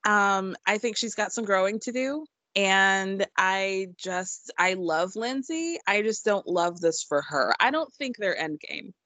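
A woman's voice: medium pitch, unhurried, hardly any pauses, no echo. Laid-back woman in her thirties. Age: 30s. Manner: relaxed, laughs easily, hesitant restarts. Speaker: podcast co-host. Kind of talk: casual chat about reality TV.

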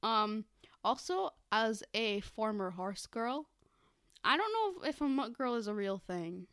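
A young woman co-hosting a podcast, chatting casually and rambling with lots of fillers and quick laughs. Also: fairly high pitch, big pitch swings, a bit bright. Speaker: podcast co-host.

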